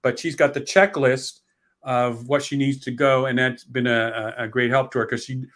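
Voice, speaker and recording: A man talks through estate matters in a loose, rambling interview manner, often restarting mid-sentence. His voice sits at an ordinary middle pitch for a man, and he slips into little acted-out voices of impatient heirs. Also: steady tone, moderate pace, a bit bright. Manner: rambling, restarts often, acts out complaining beneficiaries. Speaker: author and guest on estate planning. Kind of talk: conversational interview.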